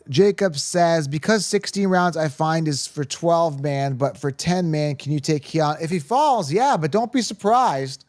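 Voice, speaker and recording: A man hosting a live fantasy football stream, excitably reading viewer comments and repeating himself for emphasis. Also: a little high, dry recording, studio quality. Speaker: fantasy football show host.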